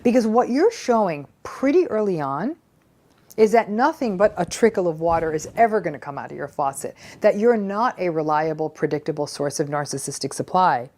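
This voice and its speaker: Low-voiced woman explaining to camera. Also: expressive, fairly quick, a little mellow. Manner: earnest, conversational, acts out quoted voices. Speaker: psychologist explaining narcissism. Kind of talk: educational talk to camera.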